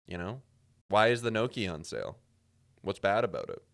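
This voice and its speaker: A man's voice: lowish voice, big pitch swings, moderate pace, vocal fry. A man from Canada streaming a puzzle game, rambling and joking with casual swearing as he plays. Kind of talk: casual gameplay commentary.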